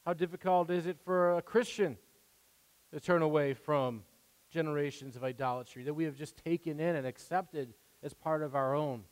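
Here the pastor sounds higher-pitched and smooth, speaking at a normal speed with fairly even intonation. His sermon stays earnest and conversational, full of halting restarts and dramatized quoted prayers, set in a long, echoing hall.

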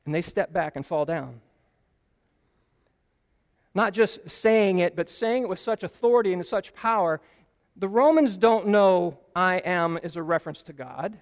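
A man's voice: high voice, lively intonation, unhurried, long pauses, long reverb tail. A man preaching a Bible teaching sermon, earnest and explanatory, leaning on key phrases for emphasis.

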